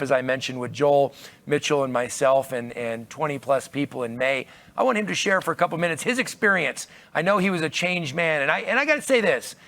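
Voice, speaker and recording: Excited guy emceeing a convention, gravelly edge, voice sits a bit high. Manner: upbeat, repeats words, restarts. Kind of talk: enthusiastic stage talk. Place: convention stage.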